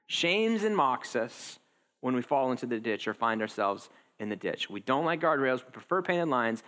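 A man in his thirties preaching a conversational sermon, acting out quotes with lively shifts in tone. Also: mid-range voice, normal speed. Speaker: pastor.

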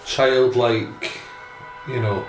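A man co-hosting a podcast, hesitant and quick to giggle in casual chat. His voice sits at a middling pitch in an echoey room. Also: fairly even intonation, soft background music. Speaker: podcast co-host.

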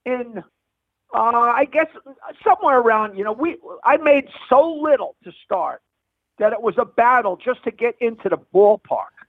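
Man, very high voice, blunt rambling comic storyteller, tinny phone line. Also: animated, moderate pace, dry recording. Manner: blunt, rambling with frequent restarts. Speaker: comedian guest. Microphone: telephone.

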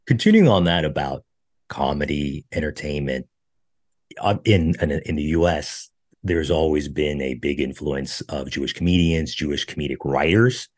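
A man hosting a podcast in a casual chat. His voice sits very low. He asks questions animatedly and acts out his own reactions. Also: moderate pace. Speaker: podcast host.

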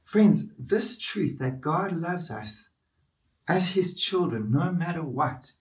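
A man's voice: fairly high pitch, expressive, slow pace, distant mic. A man preaching a sermon in an earnest, impassioned way, repeating key phrases for emphasis.

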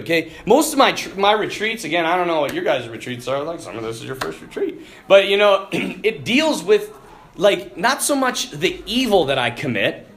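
A man's voice: a little high, fairly bright tone. A man, a priest, giving an informal, joking retreat talk, laughing often as he preaches. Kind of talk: informal sermon.

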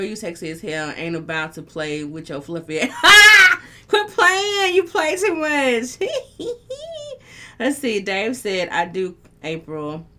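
Bright-voiced woman hosting candid chat. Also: lowish voice. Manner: candid, emotional, swears freely. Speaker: host of a live talk show. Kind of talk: casual live-stream chat reading comments.

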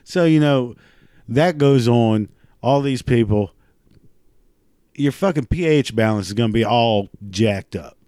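A middle-aged man, ranting in a casual monologue, crude and profane, rambling with halting restarts. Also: mid-range voice, mellow, no room sound, studio quality.

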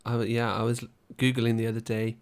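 A man's voice: mid-range voice, level tone, fairly quick, clean tone. A man from Britain co-hosting a casual podcast chat, musing aloud and often trailing off. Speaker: podcast co-host.

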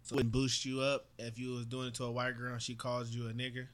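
A man's voice: mid-range voice, completely flat delivery, quick pace, fairly bright tone. A young man co-hosting a casual podcast chat, provocative and joking, laughing often. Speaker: podcast co-host.

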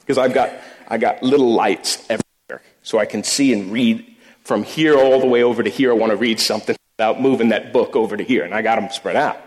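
A man with a lowish voice speaks to a breakfast gathering as their pastor, telling stories in a loose way and often starting over mid-phrase. His voice rings out with a long reverb, as if heard in a large hall. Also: a little fast, husky. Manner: storytelling, restarts and repeats words. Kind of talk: sermon-style talk.

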